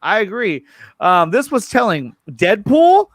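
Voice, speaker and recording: A man hosting a casual chat about movie news. He is excited, repeats his words and often restarts his sentences. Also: high voice, moderate pace, dry recording, studio quality. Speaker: show host.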